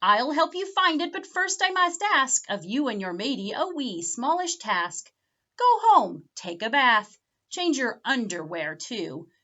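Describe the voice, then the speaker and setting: A woman's voice: high voice, very animated, unhurried, bright, forceful tone, muffled recording, heavily acted. A woman voicing a prim, bold librarian who talks firmly and chirpily. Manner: firm, chirpy and schoolmarmish.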